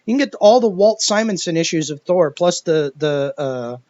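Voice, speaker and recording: Casual: guy ranting into the mic, swears a ton, rambles, pretty high voice, dead dry room. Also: expressive, moderate pace, darkish tone, no echo. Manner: profane, rambling, exasperated. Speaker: video commentator. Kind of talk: ranting commentary monologue. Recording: dull lo-fi dry recording.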